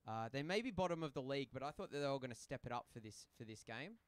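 A young Australian man does casual, joking play-by-play for a social ice hockey game from a rink booth. His mid-range voice is expressive and he talks fast, rambling into banter between play calls, and the recording is dry.

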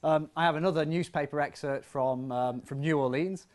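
A man, a physics professor, giving a lively and conversational public science lecture in a hall, with self-deprecating asides. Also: fairly high pitch, moderate pace.

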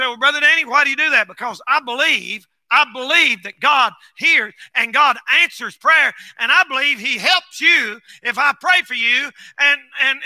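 High bright-voiced preacher, folksy. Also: male voice, no room sound. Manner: folksy, shouting bursts, swings between loud preaching and quiet asides. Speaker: pastor. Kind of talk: sermon.

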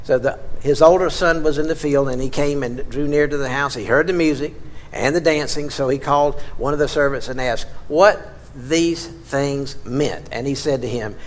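A man's voice: a little high, moderate pace. A male pastor preaching a sermon in a church, shifting from casual talk to dramatic emphasis. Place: church sanctuary. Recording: long reverb in a large hall.

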